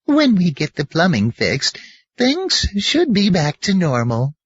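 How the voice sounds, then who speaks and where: A man's voice: high voice, huge pitch swings, slow pace, breathy edge, dry recording, highs cut off, pitched above the performer's own voice, exaggerated voice. A man voicing a kindly old grandmotherly landlady with a chatty, homey manner.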